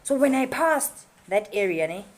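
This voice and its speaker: A woman's voice: mid-range voice, sing-song, moderate pace. A young South African woman with a South African accent, telling a story in a chatty way full of slang and fillers. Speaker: YouTuber. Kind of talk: casual storytime. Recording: music playing behind.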